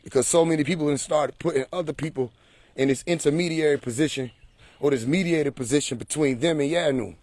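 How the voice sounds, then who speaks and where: A man's voice: medium pitch, a little mellow, dry recording. A man hosting a casual livestream monologue, emphatic and preachy, firing off rhetorical questions and laughing often, recorded on a phone. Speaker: livestream host.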